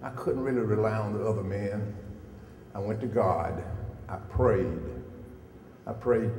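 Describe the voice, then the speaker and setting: A man's voice: on the low side, a little slow, pauses often, darkish tone. Older man telling stories in an echoey hall. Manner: folksy, direct questions to the audience. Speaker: guest speaker. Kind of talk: storytelling talk to students. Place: school hall. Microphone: handheld microphone. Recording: echoey hall, faint noise.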